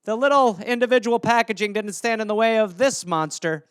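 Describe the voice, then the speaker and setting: A man's voice: high voice, fairly quick, a bit bright, clean tone, dry recording, clean studio sound. A man hosting a solo comedy podcast, rambling through jokes and poking fun at himself. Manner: rambling, self-mocking jokes. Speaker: podcast host.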